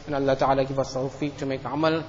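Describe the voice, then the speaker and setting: A man's voice: mid-range voice, level tone, fast, a little mellow, lo-fi sound. A man giving a Friday sermon in a mosque, earnest, often repeating his phrases as he makes his points. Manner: earnest, repeats phrases, tells a joke story. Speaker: mufti giving Friday lecture.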